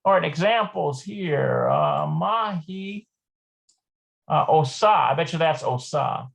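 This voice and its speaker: A Hebrew tutor speaks during a live online class, animated yet hesitant, working things out aloud and repeating words slowly. The medium-pitched voice carries vocal fry.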